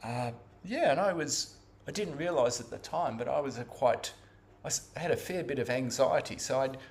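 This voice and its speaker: An Australian man telling his own story to a Zen group. He talks in a halting way, often pausing on fillers and starting phrases over. His pitch sits in the middle for a man. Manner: halting, many fillers and restarts. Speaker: Zen practitioner giving a talk. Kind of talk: personal storytelling talk.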